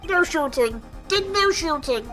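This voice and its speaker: A man doing a squeaky foreign boy. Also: lively intonation, a little slow, pushed and bright, faint music behind, heavily acted. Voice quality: comically high-pitched, choppy broken phrases. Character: small foreign boy speaking broken English, timid.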